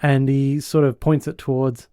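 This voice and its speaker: Podcast host, man, mellow and warm tone, dry close mic, animated storyteller who chuckles. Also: medium pitch, moderate pace, smooth, no echo. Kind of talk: casual podcast chat retelling a sitcom episode.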